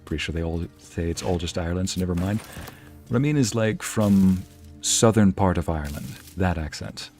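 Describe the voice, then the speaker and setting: A man's voice: low-pitched, brisk, a little mellow, soft background music. A man streaming a game, chatting casually and musing aloud as he reads out messages from his chat.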